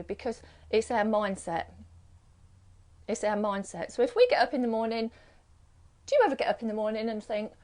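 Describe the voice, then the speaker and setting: A woman's voice: mid-range voice, darkish tone. Chatty British woman, rambling. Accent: British English. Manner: rambling, chatty, piles up rhetorical questions. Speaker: live-stream host and card reader. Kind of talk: casual chat.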